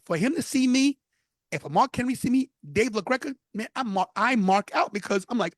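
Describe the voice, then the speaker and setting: Animated high-voiced man. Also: fairly quick, dry recording. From New York. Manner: animated storyteller. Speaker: podcast guest. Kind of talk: casual interview.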